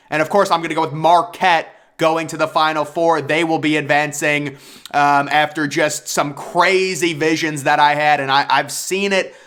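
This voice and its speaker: His voice is on the high side, fairly bright, clear and resonant. The young man is vlogging his basketball bracket picks casually, hyped up and joking as a self-styled bracket expert.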